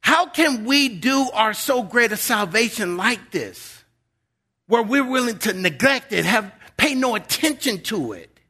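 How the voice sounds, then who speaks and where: A man's voice: high voice, big pitch swings, measured pace, breathy edge. A man preaching a sermon as a guest pastor, earnest and emphatic, often repeating words as he builds a point. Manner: earnest and emphatic, dropping to a soft voice for quotes.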